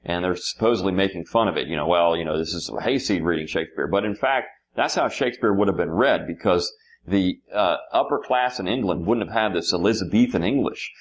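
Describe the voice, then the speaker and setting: A man with a fairly low voice lectures his class on history. He speaks off the cuff, pausing often on fillers and restarting his sentences as he goes. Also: animated. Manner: unscripted, many "uh" fillers and restarts.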